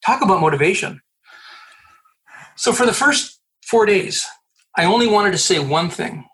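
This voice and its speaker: A middle-aged man from Canada, a guest in an interview, telling a story in an animated way, laughing and acting out the voices he quotes. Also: high voice, normal speed, poor audio. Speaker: guest, recruiter. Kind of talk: storytelling in a conversation.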